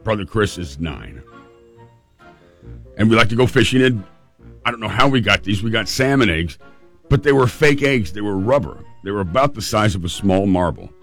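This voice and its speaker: A man hosting a talk radio show spins a goofy childhood tale with real relish. His pitch leaps and dips all over as he acts out the moments. Faint music plays softly behind him. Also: moderate pace. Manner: lively, playful storyteller who acts out moments. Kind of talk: animated personal storytelling.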